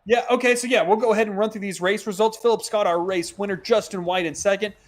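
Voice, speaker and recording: A man doing play-by-play commentary for a sim racing broadcast, chatty and quick, laughing easily between calls. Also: sits high, fairly even intonation.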